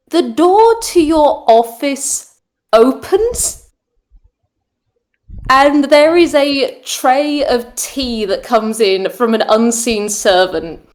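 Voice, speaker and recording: A woman narrating as game master in a tabletop game. Her voice sits fairly high, and she talks in a lively, descriptive way with amusement.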